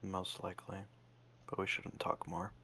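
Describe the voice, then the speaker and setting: A man voicing a calm, secretive male ally who speaks in terse, measured words. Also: deep voice, slight background noise. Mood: guarded.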